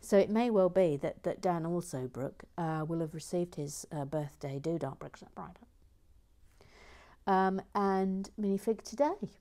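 A woman hosting a relaxed building video, chatting casually and often dropping to a whisper. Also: lowish voice, measured pace. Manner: chatty, often drops to a whisper, rambling asides. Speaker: host.

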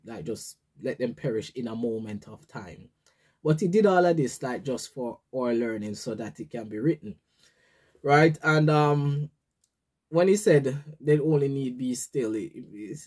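A man's voice: medium pitch, a little mellow, breathy edge. A man with a Jamaican accent leading a morning prayer and devotional talk, conversational and often asking "right?". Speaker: devotional leader.

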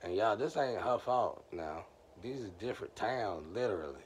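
A man's voice: on the low side, animated, moderate pace, slight background noise. A man telling loose, slangy stories in a rambling monologue, speaking straight to his viewers.

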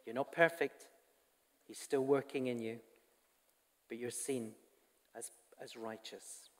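A man's voice: medium pitch, fairly even intonation, takes it slowly. A man giving a sermon to his congregation, earnest and conversational, with asides to the people in front of him. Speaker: pastor. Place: church hall. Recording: long church reverb.

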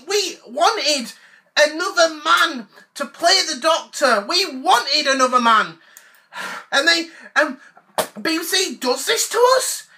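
A man's voice: very high voice, sharp tone, heavily acted. A man playing an obsessive, whiny adult male sci-fi fanboy who stammers through fillers in a comedy sketch. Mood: outraged. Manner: indignant, whiny. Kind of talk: comedic rant to camera.

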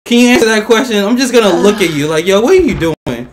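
High-voiced young man trash-talking mid-game. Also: expressive, fast, slight background noise. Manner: brash, profane trash talk, mocking and laughing. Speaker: gaming video host. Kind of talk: live gameplay commentary.

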